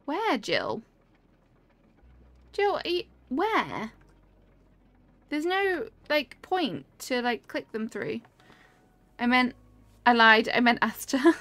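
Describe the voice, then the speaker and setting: Woman, young adult, game streamer, casual chatty talk, gravelly fry, dry close sound. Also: on the high side, sing-song, takes it slowly, pauses often, fairly bright tone, no room sound. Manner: chatty, reacts aloud to the game and reads chat. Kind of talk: casual live-stream chat while playing.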